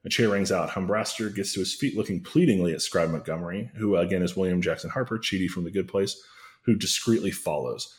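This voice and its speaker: A man's voice: sits low, a little fast. A man co-hosting a podcast, narrating a parody story in a casual comedic way, with asides and chuckles.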